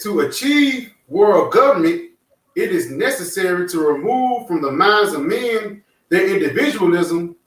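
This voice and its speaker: A man's voice: high voice, a bit bright. A man taking part in a lesson, hesitant with many fillers as he reads out a quote. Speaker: participant in a scripture lesson. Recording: echoey room, voice from a distance.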